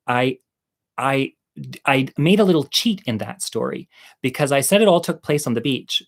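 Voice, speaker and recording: A man hosting his own show, telling jokes in a rambling, campy way that keeps interrupting itself. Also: mid-range voice. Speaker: host and storyteller. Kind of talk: stand-up joke telling.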